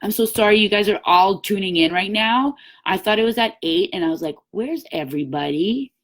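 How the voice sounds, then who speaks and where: A woman's voice: mid-range voice, brisk. A woman giving a live-streamed sales coaching talk as team leader, emphatic and upbeat, acting out little quoted chats. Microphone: webcam or phone, live stream.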